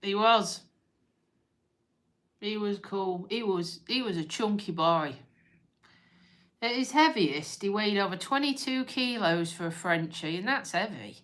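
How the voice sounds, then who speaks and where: A woman's voice: medium pitch, lively intonation, measured pace, long pauses, fairly bright tone. A woman hosting a live stream, talking casually and emotionally, tearful and rambling as she interrupts herself. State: crying on and off.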